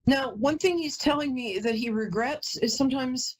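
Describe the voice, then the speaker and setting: A woman's voice: high-pitched, moderate pace, breathy edge, rough recording. A woman hosting a live call-in psychic reading, chatty and emotional, who often breaks off mid-sentence to apologize. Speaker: psychic medium host.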